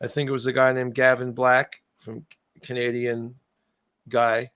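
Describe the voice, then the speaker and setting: A man's voice: mid-range voice, monotone, a little slow, fairly bright tone, smooth, no echo, studio quality. Rambling male guest on a video call. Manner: rambling, trailing off and restarting. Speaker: guest musician. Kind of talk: casual interview storytelling.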